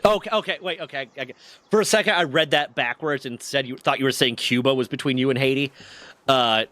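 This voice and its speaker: A man's voice: mid-range voice, a bit bright, dry recording. Joking male streamer, dry close mic. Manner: joking, rambling, quick asides to chat. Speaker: streamer host. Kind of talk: casual stream chat.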